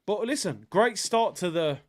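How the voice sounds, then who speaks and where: A young man hosts a football watchalong with easy, chatty banter and slang. His voice is slightly higher than most men's. He talks casually, as if to friends. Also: lively intonation, normal speed. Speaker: livestream host.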